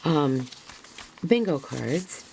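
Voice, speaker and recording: An older woman with a gravelly voice, a craft vlogger chatting to camera as she unpacks a parcel, gushing and rambling with restarts, sometimes dropping to a near-whisper. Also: sits low, animated, very slow, background noise. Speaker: craft vlogger showing a haul. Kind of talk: casual show-and-tell to camera.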